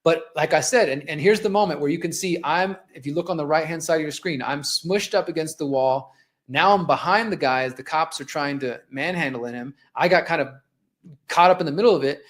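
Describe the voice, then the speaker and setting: A man's voice: a little high, brisk. A man in his forties hosting a live show, telling a personal story in an impassioned, conversational way while narrating video clips. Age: 40s. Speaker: host.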